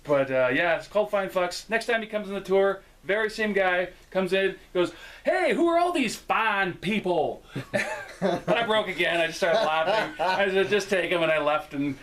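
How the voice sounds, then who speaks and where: A man's voice: high voice, moderate pace, a bit bright. A young man, a wrestler and guest, telling stories in casual chat, laughing often and swearing freely. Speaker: guest, local wrestler and former tour actor.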